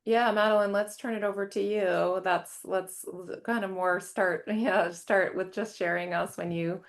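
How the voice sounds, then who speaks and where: Flat, gravelly-voiced woman therapist. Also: medium pitch, measured pace. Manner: encouraging, reassuring. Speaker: therapist, co-host. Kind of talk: live therapy demonstration.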